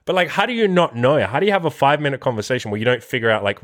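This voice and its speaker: A young man tells a story to his viewers in a loose, profane way, full of "like" and other fillers. His voice sits at an ordinary middle pitch. The recording is dry and close. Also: expressive, very fast, few pauses, a bit bright, no echo. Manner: profane, filler-heavy, lots of "like". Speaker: vlogger. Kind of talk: casual storytelling to camera.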